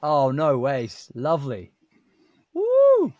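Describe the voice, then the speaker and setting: A man co-hosting a casual movie podcast, enthusiastic and quick to agree. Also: fairly high pitch, expressive, darkish tone, dry recording, lo-fi sound. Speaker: podcast co-host. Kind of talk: casual chat.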